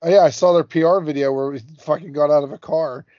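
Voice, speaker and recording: A man's voice: on the high side, steady tone, quick pace, mellow, no echo. A man co-hosting a podcast, chatting casually about sports with wry, offhand remarks. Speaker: podcast co-host. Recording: dull lo-fi podcast audio, dry.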